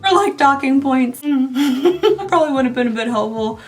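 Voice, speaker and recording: A woman's voice: sits high, lively intonation, quick pace, faint music behind. A woman, chatting casually while doing her makeup. She rambles and laughs often, and her voice is getting tired. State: losing her voice. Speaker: beauty vlogger.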